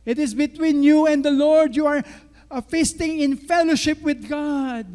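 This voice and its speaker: A middle-aged man with a Filipino accent preaching a sermon, telling stories lively and acting out the dialogue. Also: very high voice, a little slow. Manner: lively storyteller who acts out dialogue and laughs along. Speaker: pastor. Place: church sanctuary. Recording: reverberant church hall.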